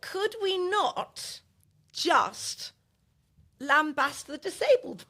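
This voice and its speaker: Self-assured right-wing podcast host, high-pitched voice, halting faux-reasonable patter. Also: female voice, animated, pushed and bright, full character voice. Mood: breezy. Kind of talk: improvised comedy podcast banter.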